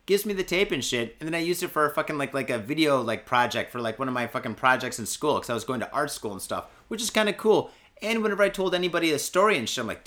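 A man hosting a podcast who tells stories in a casual, swear-heavy way. His fairly high, bright voice swings widely in pitch, and he jumps up to shout quoted lines. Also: lively intonation, fast, hardly any pauses. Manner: profane, peppers speech with "and shit" and "fucking". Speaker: podcast host.

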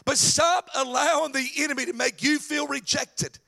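Man preaching, very high voice, gravelly, bright, shouted exhortation. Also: steady tone, moderate pace. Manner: preaching with swings from soft mockery to shouted exhortation. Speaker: pastor. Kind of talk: sermon.

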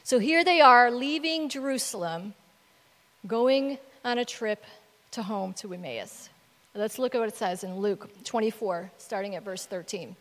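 A woman's voice: fairly high pitch, measured pace, in a large hall. A woman preacher delivering a sermon, retelling scripture in an emphatic storytelling manner. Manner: storytelling, emphatic with varying loudness.

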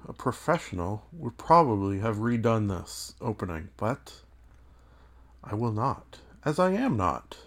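A man hosting his own podcast, talking in a rambling, self-deprecating way with dry asides, his voice a little hoarse from just waking up. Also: lowish voice, sing-song, measured pace. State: morning voice, slightly hoarse. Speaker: podcast host. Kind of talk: casual solo media review.

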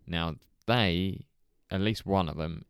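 A man telling a story in casual chat, animated, swearing and laughing often. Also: deep voice, slow, smooth, no room sound, studio quality. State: hungover. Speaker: podcast co-host telling a story.

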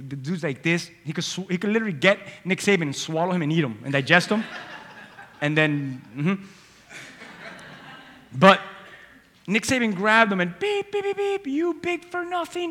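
Animated high-voiced man preaching in a hall. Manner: animated preaching that swings from loud emphasis to quiet asides, acting out voices. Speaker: pastor. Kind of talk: sermon. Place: church sanctuary. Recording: long hall reverb. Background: congregation.

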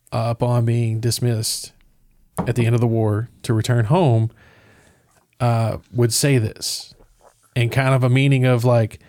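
A man's voice: medium pitch, a little mellow, no room sound. Dry-voiced man explaining with many ums. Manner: hesitant, filler-heavy explaining. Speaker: podcast co-host. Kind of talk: casual podcast chat.

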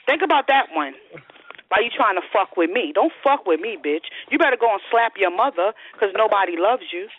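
A woman's voice: medium pitch, lively intonation, a little fast. A woman ranting furiously in online voice chat, hurling repetitive profane insults. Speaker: voice chat participant. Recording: tinny phone-like voice chat audio.

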